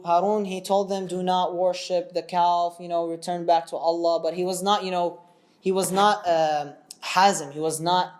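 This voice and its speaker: A man telling a religious story in a casual, animated way, asking his listeners questions as he goes. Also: high voice. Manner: animated, chatty, asks the audience questions.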